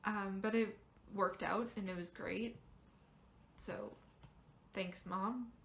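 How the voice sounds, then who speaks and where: A young woman vlogger candidly telling a personal story, getting animated when she quotes others. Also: mid-range voice, slow pace, vocal fry, slight background noise. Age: young adult.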